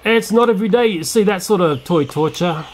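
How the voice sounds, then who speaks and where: A man's voice: sits high, fairly quick, background noise. A man casually reviewing a toy playset, chatty and given to exclamations like "oh dear.".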